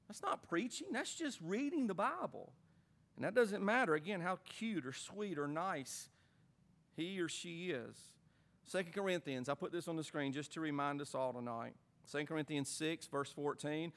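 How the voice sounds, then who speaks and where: High-voiced emphatic preacher man. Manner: emphatic, rhetorical questions, animated swings in pitch. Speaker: pastor. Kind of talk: sermon.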